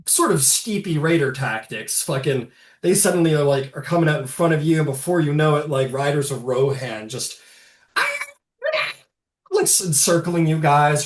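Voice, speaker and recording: A man narrating a tabletop game as game master, rambling loosely with fillers and swearing. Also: a little high. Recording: roomy, distant mic.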